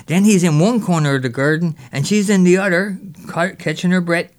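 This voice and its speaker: Brief: a man playing a mischievous boy spinning a yarn, slightly high voice. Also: brisk, lightly acted. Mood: boastful. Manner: lively yarn-spinning with local dialect. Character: mischievous boy telling a raiding tale. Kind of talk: character storytelling.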